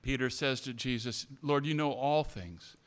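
A man preaching a sermon, repeating his points and swinging between hushed, tender passages and loud, emphatic calls for amens. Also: mid-range voice, moderate pace. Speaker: pastor.

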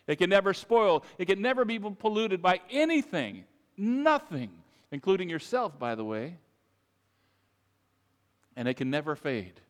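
A man's voice: high-pitched, animated, moderate pace, long pauses. A man preaching a sermon to his congregation, emphatic and repetitive, speaking to them directly. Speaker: pastor. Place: church sanctuary. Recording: long reverb of a large church.

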